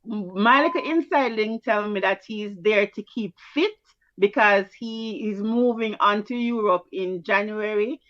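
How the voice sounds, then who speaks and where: A woman with a Jamaican accent co-hosting a casual sports chat, teasing and quick-fire in her delivery. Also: medium pitch, a bit bright, no echo. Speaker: co-host. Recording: dull, dry, lo-fi mic.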